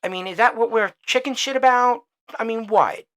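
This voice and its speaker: A man hosting his own podcast, speaking in a heated, profane and rambling rant, and he gets quieter as he signs off. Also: very high-pitched, moderate pace. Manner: trails off quieter when signing off. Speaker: podcast host. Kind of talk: solo opinion rant.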